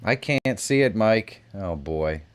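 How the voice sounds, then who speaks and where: A man's voice: lowish voice, lively intonation, slow pace. A middle-aged man hosting a live stream, chatting casually, reacting to messages and laughing often. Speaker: live show host. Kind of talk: casual live-stream chat reading comments.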